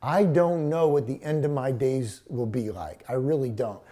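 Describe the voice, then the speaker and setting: An older man, a pastor with grandchildren, preaching a sermon, telling a story and then slowing down to stress words, sometimes dropping close to a whisper. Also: mid-range voice, mellow. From Texas.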